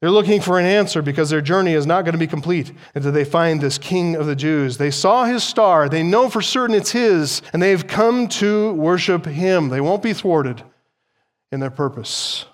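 A male pastor delivering a sermon in an animated preaching style, his voice rising for emphasis. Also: a little high, normal speed.

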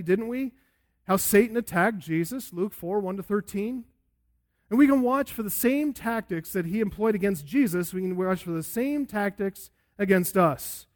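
A man preaching an expository sermon as a pastor, emphatic and swinging between loud and hushed delivery. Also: sits high.

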